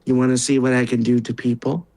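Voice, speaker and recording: A man's voice: mid-range voice, level tone, quick pace, warm tone, no echo, natural voice, low-quality recording. A man voicing Tiana, a haughty sorcerer woman. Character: stern haughty female sorcerer aide.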